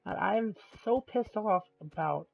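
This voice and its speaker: A man streaming live, delivering an angry rant in a deliberately calm, measured voice with halting pauses. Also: high-pitched, gravelly. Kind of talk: ranting monologue on a live stream. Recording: tinny, phone-like lo-fi sound.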